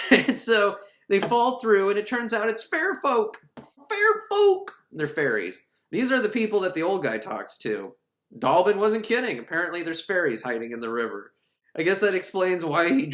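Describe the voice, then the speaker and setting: A man giving a casual, irreverent recap of an animated film, rambling and laughing as he goes. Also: high-pitched, normal speed. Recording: roomy echo.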